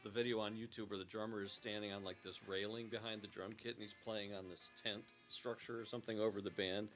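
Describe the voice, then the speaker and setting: A man in his sixties co-hosting a podcast, recalling old stories in a relaxed way with chuckles. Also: on the low side, fast talker, faint music behind. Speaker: podcast co-host. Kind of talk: casual chat.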